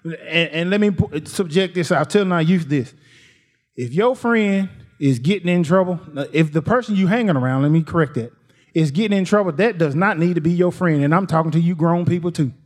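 A man's voice: fairly high pitch, a little fast. A man preaching a sermon, folksy and repetitive, his voice climbing sharply when he gets worked up. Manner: folksy, repeats phrases, rises to near shouts.

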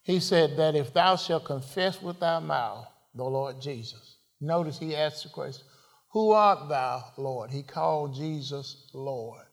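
A man preaching in a slow, deliberate sermon, his voice sitting a little high for a man. He leans on rhetorical questions and swells into sudden emphatic phrases. A long reverb trails each line, like a large church hall.

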